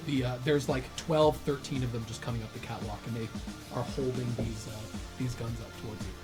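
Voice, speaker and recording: A man's voice: medium pitch, steady tone, fairly quick. A man running a tabletop game, narrating in a loose way with fillers and laughs, over background music. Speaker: game master.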